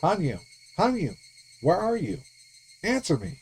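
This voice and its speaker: A man voicing a small girl calling out desperately in the dark and demanding help. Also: a little high, big pitch swings, normal speed, slight background noise, voice pushed up. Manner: pleading, shouting into the dark.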